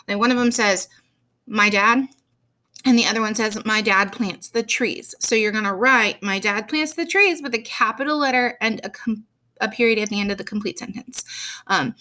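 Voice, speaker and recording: A woman's voice: a little high, fairly bright tone. A woman teacher explaining grammar and spelling to children in a chatty way, with many ums and worked examples.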